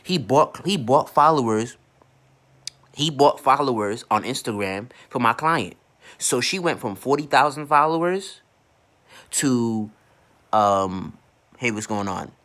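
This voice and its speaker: A man's voice: mid-range voice, animated, slow, long pauses, a bit bright. A man working as an online marketing coach, ranting casually to camera in a blunt, profane way and tripping over repeated words.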